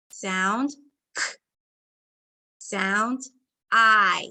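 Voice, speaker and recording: A woman teacher, slowly leading young children through a phonics lesson, sounding out words and giving warm encouragement. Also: a little high, big pitch swings, gravelly.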